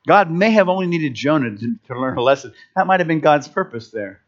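The recording is dull and lo-fi: a man whose voice is on the high side preaches briskly in a casual, humorous style. Animated and self-interrupting, he frequently restarts his phrases.

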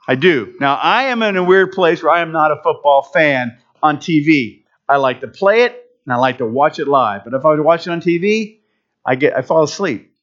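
Animated male pastor preaching. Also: moderate pace, highs cut off. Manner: animated, jumps into high excited voices for quoted people. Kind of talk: sermon.

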